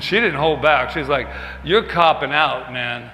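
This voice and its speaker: Man, minister, chatty sermon, acts out little dialogues, bright tone, long hall reverb. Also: a little high, unhurried, slight background noise. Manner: chatty, self-mocking, acts out quoted dialogue. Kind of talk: conversational sermon. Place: church sanctuary.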